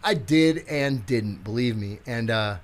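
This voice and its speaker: Speaking a little slowly in a mid-range voice, this podcast guest in his sixties works as a physical therapist and strength coach. His casual chat is full of lively stories, performed quotes, and free swearing.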